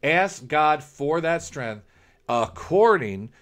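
Earnest preacher, repeating lines. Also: male voice, on the high side, animated, takes it slowly, a bit bright. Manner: earnest, repetitive, builds with restarts. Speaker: preacher, ministry founder. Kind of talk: sermon.

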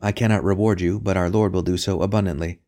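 A man voicing a weary captive queen who speaks softly and calmly with quiet dignity. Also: low-pitched, quick pace, natural voice. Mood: earnest. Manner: soft, quiet and unruffled.

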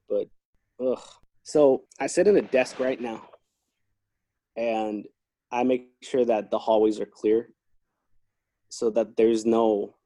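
Man, corrections officer type, laid-back chatty storyteller, husky warm tone, dry close sound. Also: mid-range voice, no room sound. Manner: relaxed, chatty, talks through work stories. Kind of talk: casual interview storytelling.

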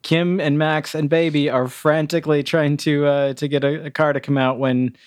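A man's voice: a little high, little pitch movement, normal speed, no room sound, clean studio sound. A man co-hosting a podcast who chats casually about a film and often chuckles between remarks. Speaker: podcast co-host. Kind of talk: casual movie-review chat.

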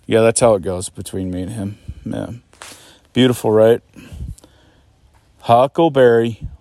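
Rambling joking man, low dry voice. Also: steady tone, moderate pace, gravelly, mellow, no echo. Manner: joking, self-mocking, scolds his dog. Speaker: podcast host on the road. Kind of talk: casual rambling monologue. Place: outdoors at a campsite in a state park.

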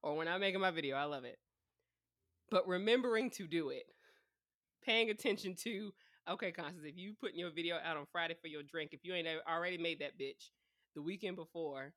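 A woman in her twenties chats on a podcast in a blunt, profane way, often breaking into laughs as she tells stories. Her voice is bright, and the studio sound is dry and close. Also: deep voice, no room sound. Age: 20s. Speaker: podcast co-host. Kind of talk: casual chat.

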